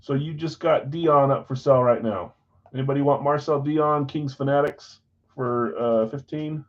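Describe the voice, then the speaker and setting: A man hosting a live stream at a middle pitch, chatting loosely and calling out buyers' names as he goes. He sounds scattered and jokes at his own expense. The audio is dull and lo-fi. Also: moderate pace. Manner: casual, scattered, self-deprecating, reads off buyers' names. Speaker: card break host. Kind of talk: live-stream chat running trades.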